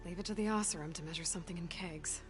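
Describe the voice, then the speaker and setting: A woman's voice: on the low side, rapid-fire, close to an everyday voice. An actress playing a blunt, dry young woman hunter in a video game. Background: game music.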